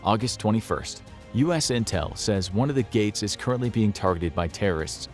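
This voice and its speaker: A man's voice: fairly low pitch, animated, brisk, soft background music. A man narrating a scripted documentary in a grave, dramatic storytelling manner.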